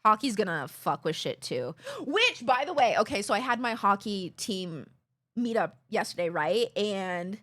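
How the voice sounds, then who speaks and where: A young woman streamer chatting casually, telling an animated story, quoting others and laughing often. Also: medium pitch, measured pace.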